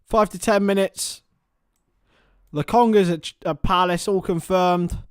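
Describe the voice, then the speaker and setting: A young man hosting a casual live stream, chatting with viewers by name and bursting into excited shouts. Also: sits high, measured pace, clean tone, dry recording, studio quality. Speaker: livestream host.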